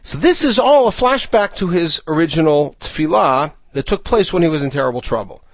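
Lively-voiced man teaching a psalm. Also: on the high side, dry recording. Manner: reads Hebrew verses then translates and explains them; measured, slowing for emphasis on key phrases. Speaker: Bible teacher. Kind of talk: lecture on a psalm.

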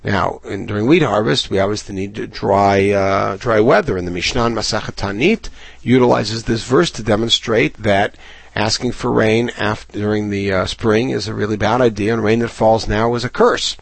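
A man's voice: fairly low pitch, moderate pace, gravelly, no echo. A man giving a Bible lesson, reading Hebrew verses aloud and then explaining them in English. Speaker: Bible teacher. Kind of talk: recorded Torah lesson.

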